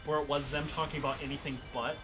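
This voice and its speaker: A man's voice: fairly high pitch, level tone, fast talker. Man laughing through gaming banter. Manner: laughing, joking, rambling. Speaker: podcast co-host. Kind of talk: casual gaming chat. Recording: music playing behind.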